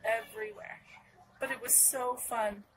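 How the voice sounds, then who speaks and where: A woman's voice: a little high, steady tone, a little slow, background noise. A young woman from Northern California telling a personal story to camera in a rambling way, full of restarts and asides. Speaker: vlogger.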